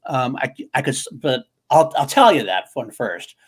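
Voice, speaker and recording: A man co-hosting a casual movie chat, animated and quick to laugh. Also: medium pitch, slightly rough. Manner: animated, laughs often, many restarts. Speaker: co-host of a movie podcast.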